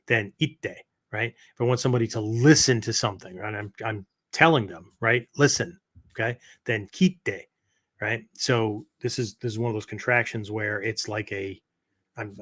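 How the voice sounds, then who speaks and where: A man's voice: on the low side, fairly bright tone. A middle-aged man hosting a podcast, explaining phrases in a casual, rambling teaching style and tagging nearly every sentence with "right?" or "okay?". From United States. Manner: peppers talk with "right?" and "okay?"; rambling, self-correcting explanations. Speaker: martial arts podcast host.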